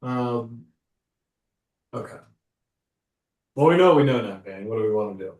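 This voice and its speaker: A man's voice: mid-range voice, expressive, measured pace, a little mellow. A man playing a tabletop game, talking loosely and swearing casually. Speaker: player. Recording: roomy, distant mic.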